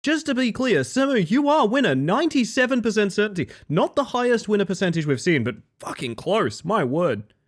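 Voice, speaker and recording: A man chatting live to his stream audience, his voice sitting a little high and bouncing through a wide, animated pitch range. He gets excitable, swears freely and laughs a lot. He drops into soft, low asides between his loud bursts. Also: a little fast. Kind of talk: casual live-stream chat.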